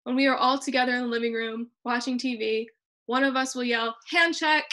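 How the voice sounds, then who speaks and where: Over a video call, a student in her young adult years reads out her personal essay. She sounds bright with a touch of height to her voice, taking the words at a measured pace with plenty of expression.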